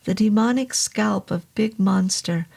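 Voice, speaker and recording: Woman, horror audiobook narration, slow, measured, gravelly. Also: medium pitch, darkish tone.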